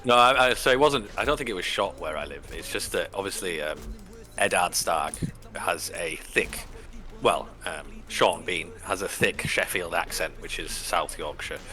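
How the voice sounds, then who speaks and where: A man's voice: deep voice, lively intonation, normal speed, sharp tone, faint music behind. A man, streaming and chatting casually, rambling with lots of fillers and the odd swear. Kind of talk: casual chat.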